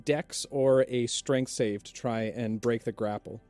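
A man running a tabletop game as game master, relaxed with many fillers. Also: medium pitch, unhurried, no echo. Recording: dry, with faint music.

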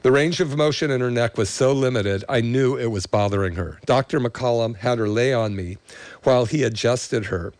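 A man's voice: medium pitch, moderate pace, darkish tone, no room sound. A middle-aged male chiropractor reading a patient's thank-you letter aloud, getting emotional, then telling the story behind it. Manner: emotional, choking up while reading; enthusiastic, promoting his practice.

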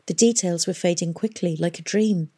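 A woman narrates an audiobook at a measured, unhurried pace. Her voice is low and dark, with a husky, gravelly texture. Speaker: audiobook reader.

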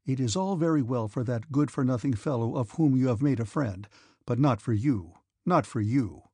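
A man narrating a classic novel as an audiobook in a steady, measured reading. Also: mid-range voice, husky, no room sound.

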